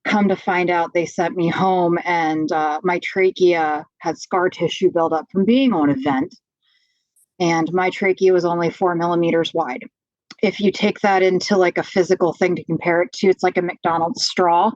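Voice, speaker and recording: A woman from Pennsylvania tells her own story as a podcast guest, frank and animated, filling pauses with "you know" and "like." Her voice sits on the low side. The recording is dry and a little dull, like modest home-studio audio. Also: dry recording. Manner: frank, animated retelling, many fillers. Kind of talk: candid personal storytelling.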